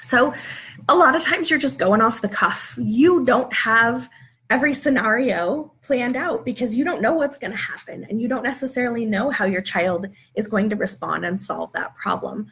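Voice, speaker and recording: A woman's voice: on the high side, expressive, moderate pace, a bit bright. A woman who is a parenting educator, giving a conversational live video talk and working through example dialogues.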